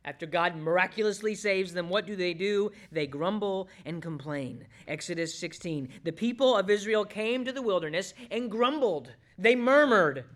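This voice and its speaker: High-voiced man preaching a dramatic sermon. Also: animated, normal speed, hardly any pauses. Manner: dramatic, shifts between loud emphasis and hushed asides; acts out quoted voices of Satan and God. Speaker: pastor.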